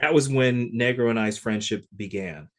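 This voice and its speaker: A man's voice: medium pitch, moderate pace. A man, a guest musician, telling a story in an interview and acting out the voices of the people in it. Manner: animated, acts out quoted dialogue.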